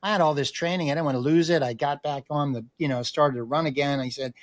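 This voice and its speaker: A middle-aged man, a podcast guest, telling a personal story in an animated way, acting out other people's voices and often restarting his sentences. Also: on the high side, fast, no room sound. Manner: acts out quoted voices, frequent restarts.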